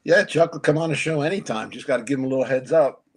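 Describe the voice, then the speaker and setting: A man's voice: medium pitch, fast talker. A man co-hosting a live hobby talk show, chatting in a laid-back way.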